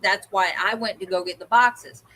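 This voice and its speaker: A woman co-hosting a livestream, telling an animated story in casual chat and acting out the voices of the people in it. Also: mid-range voice, normal speed, a little hiss or hum, rough recording. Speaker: co-host.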